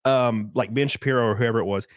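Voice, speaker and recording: A young man hosting a podcast, chatting casually in an animated, ranting way and mocking others' voices. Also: mid-range voice, quick pace, no room sound, clean studio sound. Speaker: podcast host. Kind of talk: casual opinionated chat.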